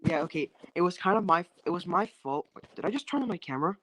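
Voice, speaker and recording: A man's voice: high voice, lively intonation, fast talker, sharp tone. A young man rambles through a story over a phone call. He stops and restarts often and fills the gaps with ums. His tone is casual and a little profane. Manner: hesitant, full of restarts and "um"s, loose and swearing. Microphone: phone on an online call.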